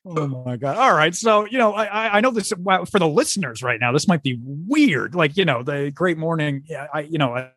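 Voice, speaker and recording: Flustered podcast host, dry close sound. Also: male voice, fairly high pitch, animated, fairly bright tone, no echo. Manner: flustered, halting, laughs off the chaos. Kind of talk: improvised comedy podcast.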